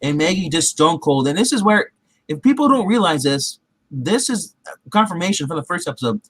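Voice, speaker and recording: A man's voice: a little high, big pitch swings, brisk, a bit bright, slightly rough, dry recording. A man casually recapping a TV episode in a rambling way, full of fillers and restarts, acting out the characters' lines as he goes. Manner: acts out characters' quotes in his retelling. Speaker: show recap host.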